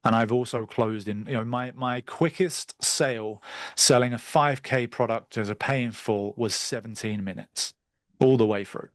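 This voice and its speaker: A man teaching a live online sales masterclass over a video call, direct and brisk, with the odd bit of crude slang. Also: mid-range voice, no room sound. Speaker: sales trainer.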